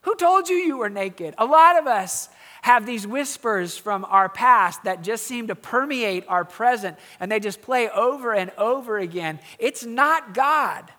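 A pastor preaching a sermon in a conversational way, with quiet asides and emphatic rising questions. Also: male voice, very high voice, lively intonation, unhurried.

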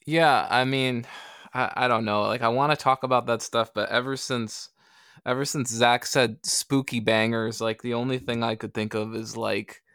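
Smooth-voiced man joking on a podcast. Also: mid-range voice, fairly even intonation, moderate pace, fairly bright tone, dry recording, studio quality. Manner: joking, rambling. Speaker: podcast co-host. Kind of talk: casual podcast chat.

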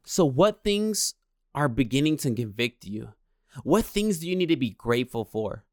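A man's voice: medium pitch, big pitch swings, normal speed, dry recording, clean studio sound. A young man in his twenties giving an earnest, preacher-like motivational talk that leans on repeated phrases. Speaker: motivational speaker. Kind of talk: inspirational monologue.

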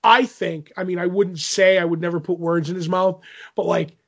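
A man's voice: high voice, fairly even intonation, normal speed, vocal fry, lo-fi sound. A man chatting casually, telling a rambling convention story and acting out the quotes. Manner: rambling anecdote, lots of "I'm like", acts out quotes. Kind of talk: casual chat.

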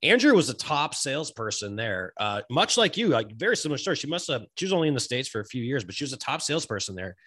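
A man hosting a casual interview, chatty and quick to laugh, with slangy phrasing. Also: mid-range voice, big pitch swings, a bit bright. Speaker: host.

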